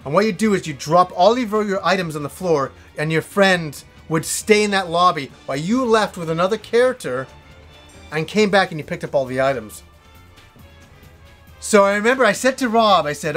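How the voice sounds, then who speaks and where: A man reviewing a video game as the host, telling old memories in an excitable, profane, animated way. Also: sits high, normal speed, soft background music. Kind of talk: casual storytelling review.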